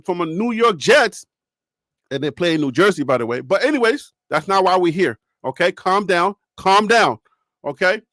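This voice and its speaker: A man with a strikingly high, slightly bright voice hosts a loose sports talk segment, rambling, joking and often throwing rhetorical questions to the audience. The sound is close and dry, with no room sound.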